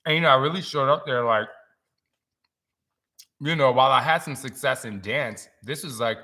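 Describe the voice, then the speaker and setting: A man in his forties hosting a casual live-stream chat, telling stories in an animated, emotional way. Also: medium pitch, moderate pace.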